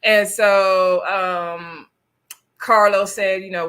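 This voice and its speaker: Bright-voiced chatty woman recapping TV. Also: mid-range voice, moderate pace. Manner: chatty, sassy, addresses viewers as y'all. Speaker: host reviewing a reality show. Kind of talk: casual live recap chat.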